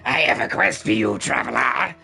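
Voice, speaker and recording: A man voicing a gruff male goblin quest-giver in a husky, gravelly voice, slow and foreboding. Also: medium pitch, sharp tone, soft background music, full character voice. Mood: ominous.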